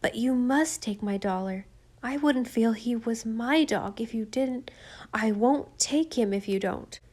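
An eager, warm-hearted young boy, read by a woman in nearly her own voice. He speaks keenly and earnestly. A storybook reading. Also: a little high, unhurried.

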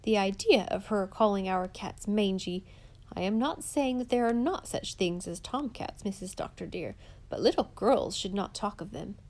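A stiff, proper old housekeeper delivers her disapproval in a prim, unbending tone, as a woman reading a storybook puts her on. Her voice stays low-key and firm. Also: expressive, normal speed, a little mellow, close to an everyday voice. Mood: indignant. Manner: prim, implacable scolding. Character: stern older housekeeper woman.

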